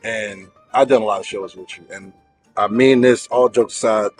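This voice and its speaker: A man's voice: lowish voice, fairly even intonation, normal speed, faint music behind. A man hosting a casual show, asking questions in a playful, teasing way. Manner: playful, teasing, loose interviewer. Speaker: host. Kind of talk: casual podcast chat.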